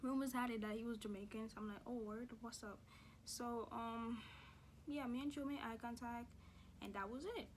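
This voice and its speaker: A woman's voice: on the high side, fairly even intonation, fairly quick, a little hiss or hum. A young woman telling a story from her school days in a sassy, profane, slang-heavy way. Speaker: vlogger. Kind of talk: casual storytime.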